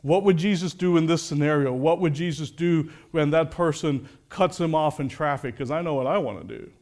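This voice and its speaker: A man's voice: a little high, moderate pace, a little mellow. A man preaching a sermon, telling a story and then reflecting earnestly through rhetorical questions.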